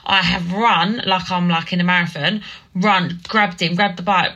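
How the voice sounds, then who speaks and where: Young female podcast host, Essex accent, slightly low and bright voice, casual gossipy storytelling. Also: steady tone, moderate pace, lo-fi sound. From Essex, England. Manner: chatty, dramatic storytelling with many fillers. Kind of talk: casual solo podcast chat.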